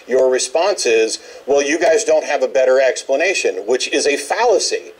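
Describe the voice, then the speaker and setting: A man's voice: mid-range voice, lively intonation, normal speed, slightly rough, poor audio. Blunt, argumentative man radio host. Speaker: radio talk show host. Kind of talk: call-in debate.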